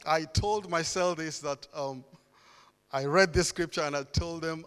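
A man's voice: a little high, unhurried, clear, resonant tone. A man preaching a sermon in earnest tones, building emphasis through repeated phrases. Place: church hall. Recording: long hall reverb.

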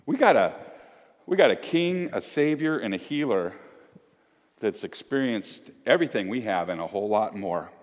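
Animated pastor in his fifties. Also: fairly low pitch, moderate pace, in a large hall. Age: 50s. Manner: conversational, swings from loud to hushed. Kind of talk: sermon. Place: church.

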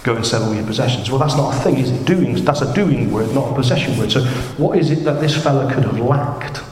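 Chatty preacher in an echoey hall. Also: male voice, medium pitch, a little fast, slight background noise. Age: 30s. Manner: chatty, jokey preaching with sudden excited rises. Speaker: pastor. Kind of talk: sermon. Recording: echoey hall, faint room ambience.

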